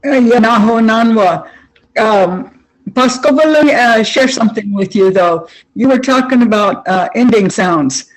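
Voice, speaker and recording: A woman student speaks up in a language class with a chatty, anecdotal manner. She talks slowly and at an easy pace. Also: on the high side, poor audio. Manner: chatty, shares personal anecdotes. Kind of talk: casual class discussion.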